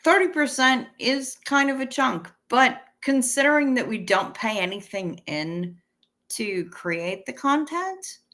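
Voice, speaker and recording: Woman, 50s, livestream host. Unhurried, bright voice; casual, salty, chatty with viewers. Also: on the high side, expressive. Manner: chatty and profane, thanks viewers. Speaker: livestream host reading chat. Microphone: webcam stream setup.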